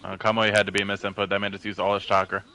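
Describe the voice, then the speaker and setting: A man co-commentating a fighting game tournament with relaxed, joking play-by-play. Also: lowish voice, rapid-fire, smooth, poor audio. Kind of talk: casual gaming commentary.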